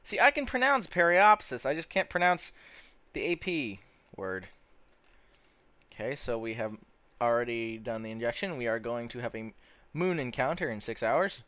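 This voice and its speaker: A man's voice: mid-range voice, animated, moderate pace, long pauses, a bit bright, dry recording. Young man, mid-range voice, casual gameplay commentator who rambles and stumbles. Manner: rambling, stumbles over words, easily amazed.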